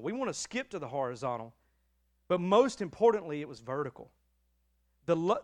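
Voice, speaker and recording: Preaching as pastor, a middle-aged man with a high-pitched voice speaks with strong emotion and emphasis, alternating loud declarations with hushed passages.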